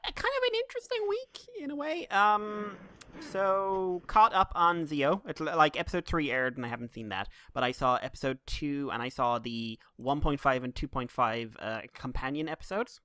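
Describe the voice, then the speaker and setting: A man's voice: fairly high pitch, expressive, normal speed, bright, forceful tone, no room sound. A man co-hosting a podcast, rambling and laughing as he chats, with many restarts. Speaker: podcast co-host. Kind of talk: casual chat.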